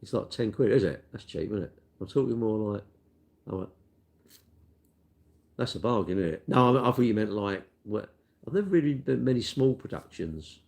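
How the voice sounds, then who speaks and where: A man's voice: fairly low pitch, animated, moderate pace, vocal fry, long pauses, a little mellow. An older man, chatting casually and rambling in a self-deprecating, matey way while answering viewer questions. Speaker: cake shop worker answering viewer questions. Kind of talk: casual chat.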